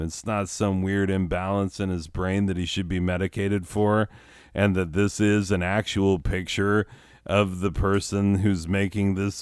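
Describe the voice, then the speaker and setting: A man rants with exaggerated indignation in a casual comedic style. His voice is smooth and a bit low, and he takes his time. The sound is close and dry. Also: no echo. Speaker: video creator.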